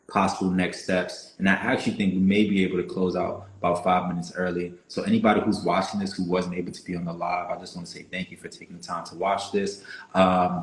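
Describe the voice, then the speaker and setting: A man hosting a casual interview over a video call, encouraging and rambling with many fillers. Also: sits low. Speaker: podcast host. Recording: roomy echo.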